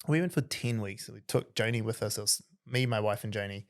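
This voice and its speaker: A man's voice: on the low side, brisk. Chatty man telling a story. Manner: energetic, says "like" constantly. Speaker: podcast host. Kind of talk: casual conversational storytelling.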